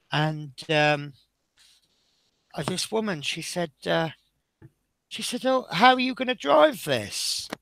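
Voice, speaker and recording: A man streams while building a model bus, chatting about his days as a bus driver and reading out comments along the way. His fairly high, gravelly voice has a fairly bright tone, recorded dry.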